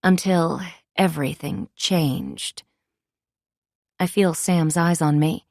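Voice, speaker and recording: Woman audiobook narrator, lower pitch, measured confiding first-person delivery. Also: a little mellow, no echo, clean studio sound.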